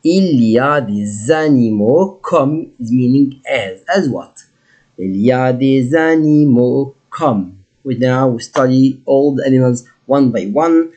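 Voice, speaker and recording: Egyptian male teacher, slow and patient, mid-pitched, drawing out each word. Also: lively intonation, darkish tone, breathy edge. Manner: slow, patient, drawn-out modeling of words; switches between English and French. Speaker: French teacher. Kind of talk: recorded classroom lesson.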